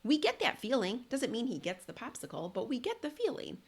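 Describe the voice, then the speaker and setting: A woman's voice: medium pitch, huge pitch swings, fairly quick, hardly any pauses. A woman hosting a solo parenting podcast, talking in an earnest, conversational way with restarts and repeated words.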